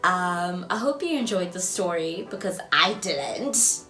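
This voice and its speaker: A young South African woman in her twenties telling a storytime vlog, swinging between loud outbursts and hushed whispers. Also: fairly low pitch, lively intonation, a little slow, hardly any pauses, faint music behind. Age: 20s. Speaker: vlogger. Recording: roomy echo, mic at a distance, faint ambience.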